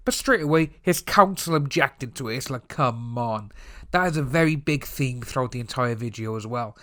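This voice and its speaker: A Welsh man talks through his thoughts in a loose, rambling commentary vlog. His voice sits at an ordinary middle pitch. He stumbles and restarts often but stays animated. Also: normal speed. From Wales. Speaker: YouTube commentator. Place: home room with open window.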